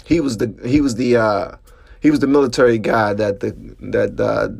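A man hosting his own podcast, telling a story in a casual monologue, animated and jumping up in pitch when he gets worked up. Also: moderate pace, creaky, husky. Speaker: podcast host.

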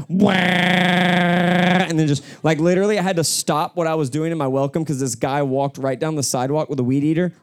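A man preaching a sermon to a church crowd, his voice sitting at a medium pitch. He slips easily from offhand jokes and anecdotes into emphatic, earnest points. The sound is close and dry, with little room around it. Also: a little mellow, clean tone, dry recording. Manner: conversational, joking storytelling with emphatic preaching. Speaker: pastor. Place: church hall with live congregation.

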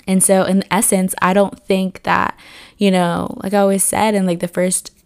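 A woman hosting a faith podcast, her voice a little hoarse with morning rasp. She talks in an earnest, rambling way with many "like" fillers. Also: medium pitch, level tone, normal speed. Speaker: podcast host. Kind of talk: casual faith podcast reflection.

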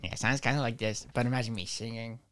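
A man doing a quick put-on voice of a male goblin bard during podcast banter. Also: medium pitch, fairly even intonation, fairly bright tone, lightly acted. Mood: goofy.

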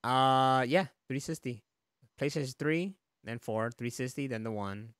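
A man co-hosting a podcast, chatting in a relaxed, rambling way with frequent laughs and casual swearing. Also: mid-range voice, a little slow, clear, resonant tone, no echo, studio quality. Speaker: podcast co-host. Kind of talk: casual chat.

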